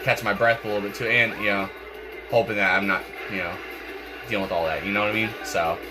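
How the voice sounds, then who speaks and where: A man's voice: fairly low pitch, fairly even intonation, fast. Congested young man rambling over game music. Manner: rambling, repeats words, many fillers. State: congested, clearing throat. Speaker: gaming channel host. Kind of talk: casual gameplay commentary. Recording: game music playing behind.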